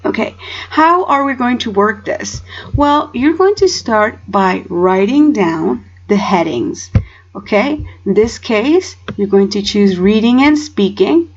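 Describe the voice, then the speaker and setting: A woman's voice: medium pitch, dull audio. A woman teaching English in a recorded home lesson. She explains step by step and often checks in with "okay?".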